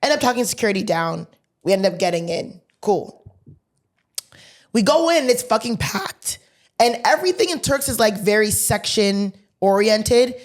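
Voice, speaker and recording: A woman co-hosting a podcast who tells a story in casual chat, animated, swearing freely and acting out the dialogue. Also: mid-range voice, normal speed. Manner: animated, swears freely, laughs mid-sentence; acts out quoted dialogue. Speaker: podcast co-host.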